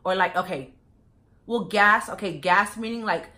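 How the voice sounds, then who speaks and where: A woman's voice: mid-range voice, moderate pace, pushed and bright. A young woman vlogger chatting casually to her viewers, full of fillers and often calling them you guys. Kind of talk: casual get-to-know-me chat.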